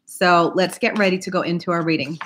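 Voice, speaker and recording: A woman's voice: on the low side, fairly even intonation, a little fast, fairly bright tone, a little hiss or hum. A woman hosting a live tarot reading, chatting casually and laughing often while she greets viewers by name.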